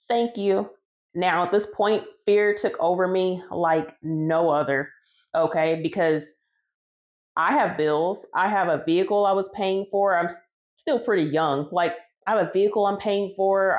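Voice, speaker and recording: Low-voiced woman telling her story. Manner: casual, conversational, retelling dialogue. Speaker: home cake baker telling her story. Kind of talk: storytelling vlog.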